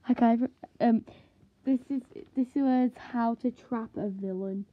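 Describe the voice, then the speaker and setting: A woman's voice: medium pitch, fairly even intonation, a little slow, husky. A young woman with an English accent, chatting casually and exclaiming in a giggly, mock-dramatic way. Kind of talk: casual vlog. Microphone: phone. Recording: tinny phone-like lo-fi.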